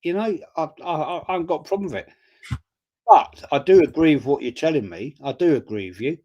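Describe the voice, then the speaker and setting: A man's voice: fairly high pitch, quick pace, highs cut off. An older man telling blunt, sweary stories in casual live-stream chat. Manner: blunt, sweary storyteller, loud and animated. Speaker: guest on a fan stream.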